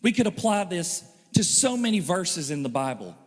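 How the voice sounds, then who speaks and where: Animated preaching man in reverberant church. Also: high-pitched, normal speed. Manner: animated, joking, acts out quoted voices. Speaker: pastor. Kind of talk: sermon. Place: church hall.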